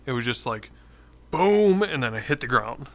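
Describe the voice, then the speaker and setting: A man's voice: mid-range voice, very animated, moderate pace, fairly bright tone. A man chatting on a podcast, recounting events in a laid-back, matter-of-fact way. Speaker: podcast co-host. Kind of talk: casual chat.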